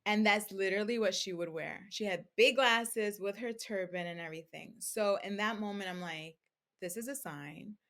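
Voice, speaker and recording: A woman's voice: mid-range voice, moderate pace, hardly any pauses. A young adult woman, a podcast guest, telling her story in casual interview talk, full of "like" and acting out what people said. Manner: animated, acts out quoted speech, many fillers like "like". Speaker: podcast guest, crystal seller.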